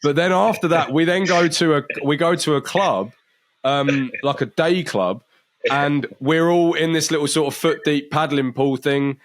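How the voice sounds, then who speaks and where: A man's voice: fairly high pitch, normal speed. A young man co-hosting a podcast, telling a story in a rambling, wry way that often breaks off and restarts. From Britain. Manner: rambling, self-interrupting, wry. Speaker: podcast co-host. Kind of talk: casual chat, storytelling.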